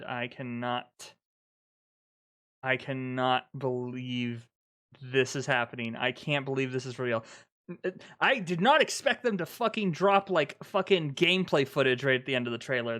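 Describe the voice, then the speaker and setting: A man streaming live, reacting to a trailer with excited, swear-filled gushing like a fanboy. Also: mid-range voice, a little slow.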